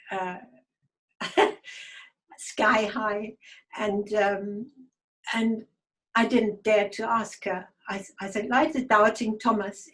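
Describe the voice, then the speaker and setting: A woman telling a personal story to an online group over a video call, halting and hesitant, with many fillers and restarts. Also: mid-range voice, fairly bright tone. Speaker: guest speaker. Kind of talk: personal testimony talk.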